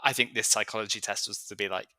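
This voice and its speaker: A man playing a tabletop game, chatty and unsure, thinking out loud. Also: fairly low pitch, fairly even intonation, fast talker, dry recording. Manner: chatty, unsure, laughs easily. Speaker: player. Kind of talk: casual tabletop play.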